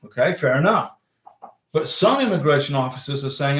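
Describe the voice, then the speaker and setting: A man's voice: a little high, animated, normal speed, fairly bright tone, roomy sound. A man hosting a casual livestream, chatting folksily, reading viewer messages aloud and giving direct advice.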